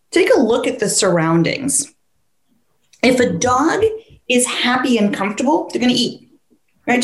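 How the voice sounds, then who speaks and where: A woman and dog trainer talking casually, lively, who keeps acting out what a dog or its owner would say. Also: a little high. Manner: animated, acts out dog and owner voices. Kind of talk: conversational podcast talk.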